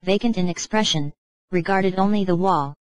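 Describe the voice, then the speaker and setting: A woman with a lowish voice reads an old mystery tale aloud at a measured, even pace. The sound is dry and close, with no room around it. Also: no room sound, low-quality recording. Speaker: audiobook narrator. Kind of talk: scripted narration.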